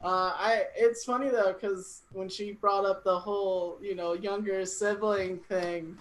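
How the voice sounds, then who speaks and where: A woman's voice: medium pitch, steady tone, a little slow, a little hiss or hum, low-quality recording. A woman hosting an online comedy show, joking and self-deprecating, laughing often. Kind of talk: casual stand-up hosting.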